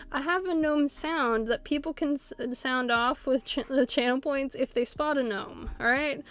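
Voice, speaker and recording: A woman streaming a video game live, chatting casually and rambling, often laughing and acting out animated quotes. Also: high-pitched. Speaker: Twitch streamer.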